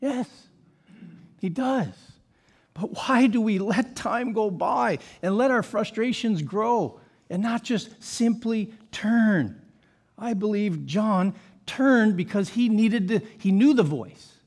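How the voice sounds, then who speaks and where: An emphatic pastor with a high voice preaches from the pulpit, repeatedly asking the congregation rhetorical questions and slipping easily into casual asides. He speaks slowly and expressively, with a darkish tone.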